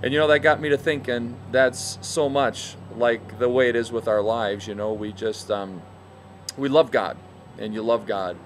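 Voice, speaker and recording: A middle-aged minister talks in a folksy, easygoing way, sharing a devotional story and leaning on "you know" fillers. His voice sits at an ordinary male pitch, and he speaks from a bed and breakfast with a faint hum behind him. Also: fairly even intonation, normal speed. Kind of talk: casual devotional talk.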